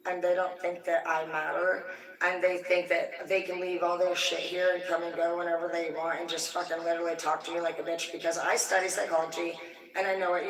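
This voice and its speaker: A woman on a livestream, ranting in a heated, vulgar, rambling way. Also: lowish voice. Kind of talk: profane angry rant on a livestream. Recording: echoey room, distant from the mic.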